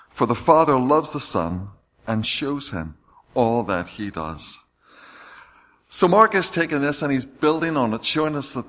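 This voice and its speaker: A man's voice: mid-range voice, a bit bright. A man preaching a sermon, reading scripture passages aloud with rising emphasis.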